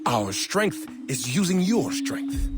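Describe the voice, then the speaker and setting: An actor playing a smooth-talking male recruiter in a video game, speaking slowly and persuasively, with music underneath. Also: on the high side, big pitch swings. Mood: smoothly patronizing. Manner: slow, sing-song persuasive speech.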